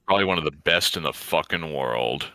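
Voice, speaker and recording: A man with a deep, bright, clear voice gives casual reaction commentary, cursing freely as he laughs. His voice is dry and close to the mic. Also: expressive, a little fast, no room sound. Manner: profane, laughing. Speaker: reaction show co-host.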